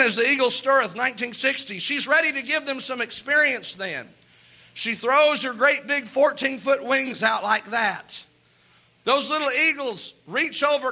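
A man's voice: very high voice, sharp tone. A middle-aged man preaching a folksy sermon in a church, telling stories with frequent restarts. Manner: folksy storytelling with repeated restarts.

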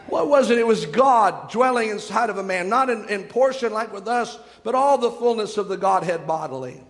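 A preacher with a very high voice delivers a fervent sermon, stretching out scripture phrases for weight. The sound rings with the long reverb of a church hall. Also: male voice, animated. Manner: fervent, slows to drawn-out emphasis on scripture.

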